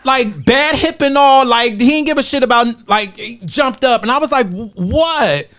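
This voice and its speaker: A man's voice: extremely high pitch, moderate pace, a bit bright. A man co-hosting a podcast, telling a long story in casual chat, acting out the voices he quotes and laughing often. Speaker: podcast co-host.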